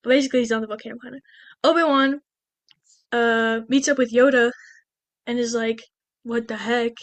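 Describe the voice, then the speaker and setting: A woman's voice: on the high side, steady tone, fairly quick, no echo. A woman co-hosting a podcast, recapping a movie in a rambling, chatty way full of restarts. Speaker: podcast co-host. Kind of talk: casual movie recap chat.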